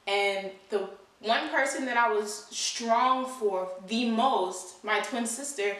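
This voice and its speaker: A young woman speaks candidly to her viewers in a personal vlog, her voice sitting a little high. She talks in a loose, earnest, conversational way. The sound bounces around a very echoey room, with her a fair distance from the microphone. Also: a little slow, a bit bright. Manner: earnest, conversational, full of "you know" and "like". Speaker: vlogger. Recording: very echoey room, voice away from mic.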